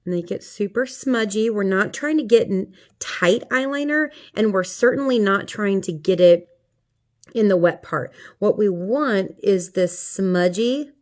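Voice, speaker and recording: A woman's voice: mid-range voice, animated, measured pace, a little mellow. A middle-aged woman talking viewers through a makeup tutorial in a chatty, playful way. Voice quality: chatty, playful, talks to viewers as she works. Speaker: makeup vlogger.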